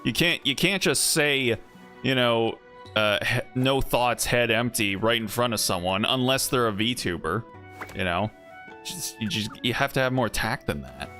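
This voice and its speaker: A man's voice: medium pitch, animated, moderate pace. A man streaming a video game with casual, rambling, jokey commentary, often breaking into laughs. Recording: faint music underneath.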